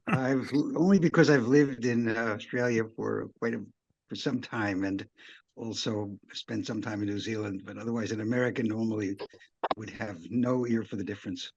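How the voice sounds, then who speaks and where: A man's voice: on the low side, normal speed, vocal fry, a little mellow, husky, lo-fi sound. A man from New York with a New York accent, a guest professor chatting in a friendly way. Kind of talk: casual chat.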